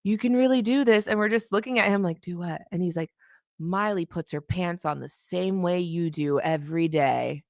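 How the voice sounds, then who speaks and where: A woman's voice: lowish voice, moderate pace, gravelly, no room sound, clean studio sound. A woman from Canada, a guest in a casual interview, telling stories and laughing through them often.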